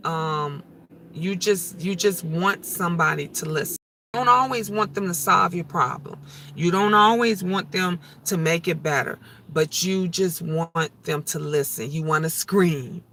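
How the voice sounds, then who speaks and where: A woman's voice: low-pitched, sharp tone. A middle-aged woman talking on her vlog livestream in a heartfelt, emotional and repetitive way. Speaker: vlogger. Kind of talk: casual livestream talk.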